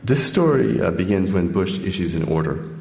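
Super deep voiced guy reading his book aloud then doing q&a, lots of uhs, big echoey hall. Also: lively intonation, creaky, darkish tone, soft background music. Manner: measured reading, many fillers when speaking freely. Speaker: author giving a talk. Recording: echoey hall, long reverb.

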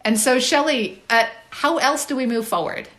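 A woman's voice: high voice, moderate pace, a bit bright. A woman hosting a parenting talk, speaking in a conversational, reflective way and sharing her own home stories. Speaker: parenting webinar host. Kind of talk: casual advice talk.

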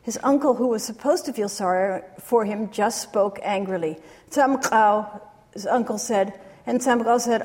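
A woman giving an academic lecture, retelling stories in a measured way with pauses. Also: mid-range voice, a little mellow. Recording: long reverb of a large hall.

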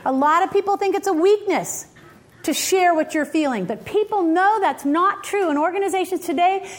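A woman's voice: very high-pitched, moderate pace. A middle-aged woman giving a motivational leadership talk, telling stories animatedly and asking the audience questions. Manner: animated storytelling with laughs and acted quotes. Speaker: leadership speaker.

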